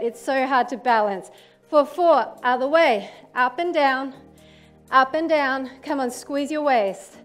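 A woman's voice: sits high, fairly bright tone. A woman leading a home workout, counting reps aloud and urging listeners on, slightly out of breath. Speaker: fitness instructor. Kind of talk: guided workout instruction. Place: apartment room with carpet.

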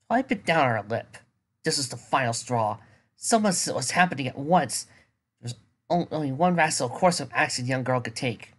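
A woman's voice: rumbling low, lively intonation, normal speed, breathy edge. A woman reading fan fiction aloud, with small stumbles and restarts. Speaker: reader.

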